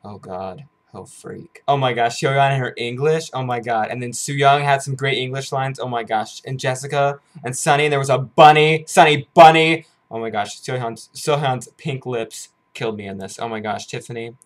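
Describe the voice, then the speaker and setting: Gushing young man reacting excitedly. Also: mid-range voice, moderate pace, hardly any pauses. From United States. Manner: gushing, exclaims often, swings between loud bursts and hushed awe. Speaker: YouTuber reacting to a music video. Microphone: headphones on, camera mic.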